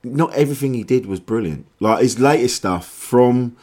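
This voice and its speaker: A man's voice: medium pitch, expressive, darkish tone. A man, a comedian guest chatting casually and laughing along easily. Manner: easygoing, agreeable, quick to laugh. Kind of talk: casual chat.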